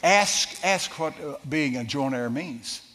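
A man preaching a sermon, telling a story with lively shifts and asking the congregation questions. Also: mid-range voice, a little slow, noisy background. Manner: storytelling, animated, asks the crowd questions. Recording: long hall reverb.

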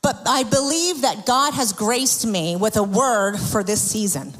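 A woman's voice: fairly high pitch, measured pace, fairly bright tone. Earnest woman preaching in a reverberant hall. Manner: earnest, confessional storytelling with many restarts. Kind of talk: sermon testimony.

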